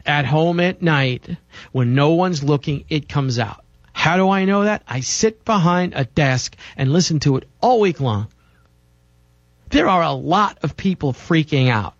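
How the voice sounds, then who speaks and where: A man's voice: a little high, no room sound, lo-fi sound. Emphatic preachy male talk host. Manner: emphatic, preachy, insistent repetition. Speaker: radio show host. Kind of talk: health talk show monologue.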